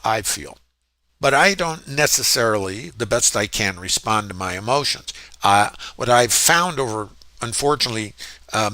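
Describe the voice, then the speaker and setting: A man's voice: medium pitch, bright, forceful tone, dry recording. A man teaching trading while he walks through his own trades, reflective and full of fillers and restarts as he stresses his points. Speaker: trading educator. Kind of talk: screen-share trading walkthrough.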